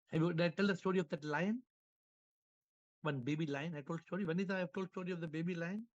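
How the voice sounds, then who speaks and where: A man's voice: on the high side, dull audio. A man giving a spiritual talk over a video call, telling parables with repetitions and chuckles. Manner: animated storyteller, repeats words, chuckles. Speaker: spiritual teacher.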